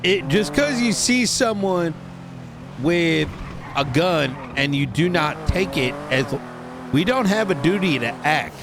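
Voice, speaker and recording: A man with a fairly high voice and lively intonation speaks slowly as he plays a police officer in an in-character role-play chat. He reasons things out, asks questions, and laughs easily. Background noise comes through clearly on the recording.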